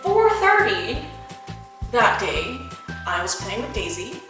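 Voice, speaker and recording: A woman's voice: a little high, very animated, slow. Woman vlogger rambling thru a storytime, mic kinda far off, faint music behind. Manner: chatty storytelling with many fillers. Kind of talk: storytime vlog. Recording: echoey room, distant mic, faint music.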